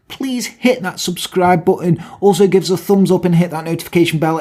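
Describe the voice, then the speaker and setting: A man's voice: high voice, a little mellow. A young man co-hosting a podcast, chatty and self-mocking in casual talk. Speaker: podcast co-host.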